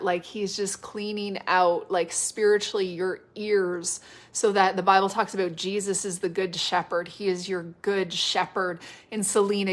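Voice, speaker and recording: Gentle and halting, a mid-range female voice gives spontaneous prophetic ministry on a live stream, captured by a device mic. Phrases get repeated, and pauses are filled with "like" and "you know."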